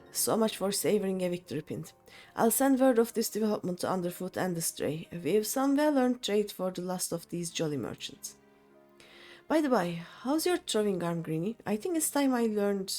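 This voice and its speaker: A woman's voice: medium pitch, sing-song, normal speed, warm tone, faint music behind, natural voice. A woman reading a swaggering rogue sailor. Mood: brash. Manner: slangy, rough sailor talk. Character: brash male pirate-hunting rogue, swaggering. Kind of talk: reading game dialogue aloud.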